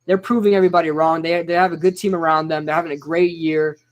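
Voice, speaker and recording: A young man casually reacting live to a football game, chatting with viewers and shouting out their names. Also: fairly high pitch, fast. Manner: excitable, chatty, reads out chat names. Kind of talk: casual live-stream commentary.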